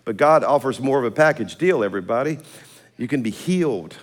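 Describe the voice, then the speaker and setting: A man preaching in a church auditorium. He tells stories with an animated delivery, laughing and swinging from loud to hushed. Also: mid-range voice, a little fast. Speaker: pastor. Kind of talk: sermon.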